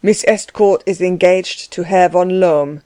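A woman's voice: lowish voice, steady tone, measured pace, dark tone, dry recording, natural voice. A woman voicing a harsh, mocking young man who speaks bluntly and with scorn.

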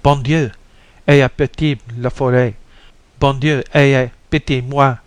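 Guy doing a big scared creole woman, high and loud, french words mixed in, dry close sound. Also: flat delivery, takes it slowly, no echo, lightly acted. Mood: desperate muttering. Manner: urgent, pleading, mixes French words. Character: powerful, frightened Creole woman.

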